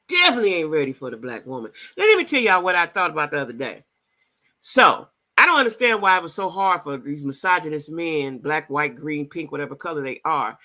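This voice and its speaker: A woman's voice: sits low, pushed and bright. Emphatic woman vlogger. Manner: emphatic, repeats phrases for emphasis, talks straight to viewers. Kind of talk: casual vlog monologue.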